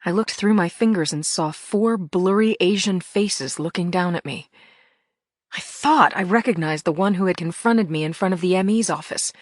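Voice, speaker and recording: A woman's voice: lowish voice, moderate pace, no echo, clean studio sound. A woman reading an audiobook in the first person, with tense, emphatic storytelling. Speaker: audiobook narrator.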